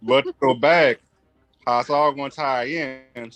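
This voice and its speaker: A man in casual chat, relaxed and teasing. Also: medium pitch, a little slow, lo-fi sound.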